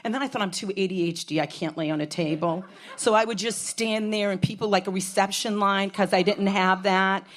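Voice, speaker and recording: A woman's voice: mid-range voice, steady tone, fairly quick. Middle-aged woman telling a wild story on stage, swears a lot, funny and blunt. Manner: frank, profane, comic, with laughs from a crowd. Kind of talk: personal storytelling talk.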